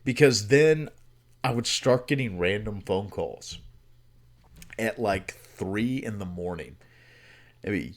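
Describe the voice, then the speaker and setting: A man hosts a livestream and tells a long, casual story, rambling through fillers and swearing freely. His voice sits somewhat low. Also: animated, slow pace, pauses often. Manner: rambling, profane, with many fillers. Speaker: livestream host.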